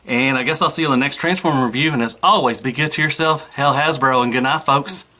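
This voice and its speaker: Man, mid-pitched voice, casual toy reviewer, easygoing, rambling, lots of fillers. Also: fast talker, pushed and bright. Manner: easygoing, rambling, full of "you know" fillers.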